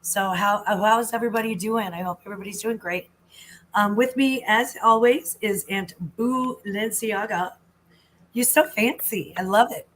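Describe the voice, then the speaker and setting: A woman hosting a casual livestream chat, greeting viewers warmly, her voice worn and husky. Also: medium pitch, moderate pace, slight background noise, poor audio. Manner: chatty, greets viewers with air kisses. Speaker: host.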